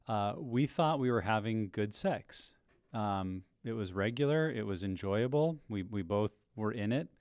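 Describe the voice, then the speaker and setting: Thoughtful low-voiced man on a podcast. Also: clean tone, no echo, clean studio sound. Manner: thoughtful, measured, with frequent fillers. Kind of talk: reflective podcast conversation.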